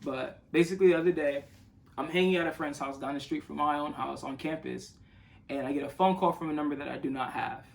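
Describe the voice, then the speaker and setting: A young man, a youth ministry leader, telling a personal faith story in an earnest, halting way with frequent restarts. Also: fairly high pitch, steady tone, gravelly, poor audio. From United States. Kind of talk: personal testimony.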